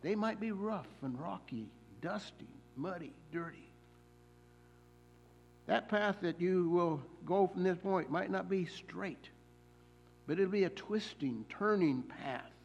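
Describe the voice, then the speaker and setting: Gravelly-voiced man preaching a sermon. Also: high voice, lo-fi sound, a little hiss or hum. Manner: deliberate, slows and stresses scripture quotes; halting, with fillers and repeated words.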